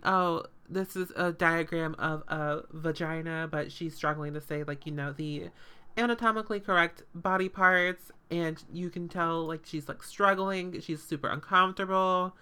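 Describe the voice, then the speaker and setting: A woman's voice: on the low side, bright, forceful tone, clean tone. A woman hosting a podcast, recapping a show in casual, sarcastic chat full of fillers and swearing.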